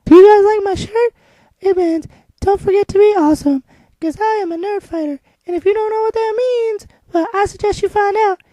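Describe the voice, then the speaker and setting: A woman playing an excitable, naive young child who rambles breathlessly in a comedic vlog. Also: very high-pitched, a little fast, dry recording, voice pushed up. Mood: chirpy. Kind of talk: comedic kid-character vlog.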